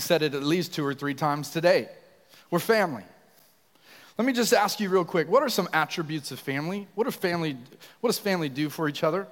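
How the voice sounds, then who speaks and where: Man, preacher, sermon, storytelling, animated, fairly high voice, long church-hall reverb. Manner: storytelling, animated, asks congregation questions. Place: church sanctuary.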